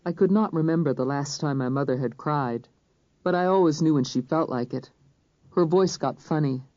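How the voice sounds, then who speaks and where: An audiobook narrator reading a crime thriller in first person, measured and even. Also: medium pitch, no room sound. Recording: dull, dry studio recording.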